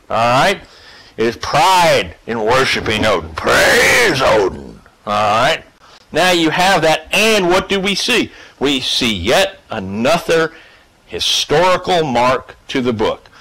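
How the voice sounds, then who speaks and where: Slow, animated, profane male lecturer. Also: a little high, low-quality recording. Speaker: class teacher. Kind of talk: casual spoken lecture.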